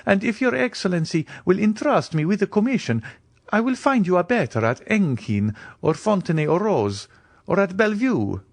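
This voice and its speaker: A man reading an audiobook voices an agitated steward who stammers and hurries, pitched well above his own voice. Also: lively intonation, measured pace, dry recording. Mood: flustered. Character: nervous male steward, flustered and evasive.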